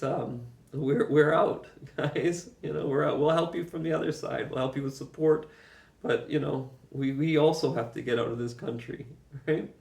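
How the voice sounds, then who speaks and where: A man tells his own travel story in a rambling, emphatic way, dropping swear words and small chuckles. His voice is gravelly and fairly flat. The mic sits well away from him in an echoey room. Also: mid-range voice. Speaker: vlogger recounting his own journey. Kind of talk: casual first-person storytelling. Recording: roomy echo, mic far off.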